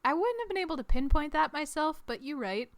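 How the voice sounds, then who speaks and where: A woman's voice: high-pitched, animated, fairly quick, no room sound. A woman co-hosting a podcast, chatting bluntly and wryly, with casual swearing. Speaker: podcast co-host. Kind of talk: casual chat. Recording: dry close-miked recording.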